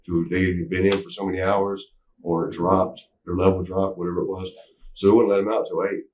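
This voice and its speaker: A man's voice: deep voice, flat delivery, fairly quick, a little mellow, a little hiss or hum. A middle-aged man telling a rambling, stop-start story in a candid interview. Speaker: interview guest. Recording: echoey room, distant mic.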